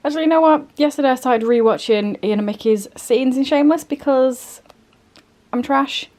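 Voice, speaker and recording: A young woman talks to her camera from home in a relaxed vlog style. Her voice sits a little high, and she undercuts her own plans with deadpan, self-mocking jokes. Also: normal speed. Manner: dry, self-mocking humour. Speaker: vlogger. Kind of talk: casual vlog chat. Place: at home, indoors.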